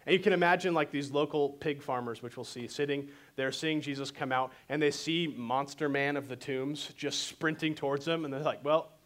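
A man preaching a sermon and telling the story in an animated way. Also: a little high, moderate pace, hardly any pauses. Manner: animated storytelling, voices quotes dramatically. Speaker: pastor.

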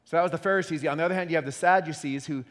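A man preaching a sermon in an animated way, repeating words as he acts out quotes. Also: a little high, rapid-fire. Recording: long hall reverb.

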